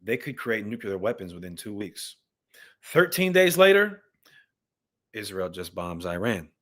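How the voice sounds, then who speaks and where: A man's voice: fairly low pitch, sing-song, measured pace, fairly bright tone. A man hosting a live stream, reading news and scripture aloud and commenting on it with passion, talking straight to his viewers. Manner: impassioned, talks straight to viewers, reads texts aloud. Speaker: livestream host and Bible commentator.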